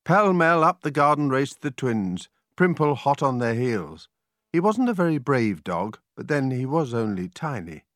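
A man's voice: mid-range voice, unhurried, no echo. A man narrating a children's story, his voice rising and falling with lots of expression. The recording is close and dry, with no room sound. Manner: animated, expressive reading. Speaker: audiobook reader.

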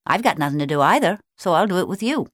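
A woman's voice: lowish voice, lively intonation, fast, fairly bright tone, dry recording, studio quality. A woman voicing Bobby, a chatty, eager young male sea otter in a storybook reading, raising her voice a little. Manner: friendly, keen to show what he knows.

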